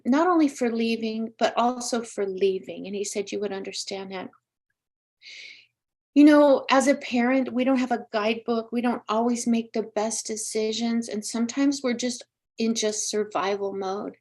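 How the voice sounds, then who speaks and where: A woman hosting a live-streamed psychic reading, speaking earnestly and emotionally straight to a viewer. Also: fairly high pitch. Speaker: psychic medium host.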